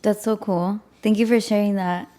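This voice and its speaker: A woman's voice: medium pitch, fairly even intonation, moderate pace, mellow. A woman hosting a podcast, talking in a reflective, affirming way. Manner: reflective, affirming with "mm" and "you know". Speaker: podcast host. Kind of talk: casual interview chat.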